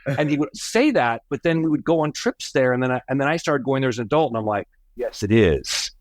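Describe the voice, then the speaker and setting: A middle-aged American man, a company founder, telling his family story as a podcast guest, animated, acting out the voices he quotes. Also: medium pitch, fast, no room sound. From United States. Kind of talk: storytelling in an interview.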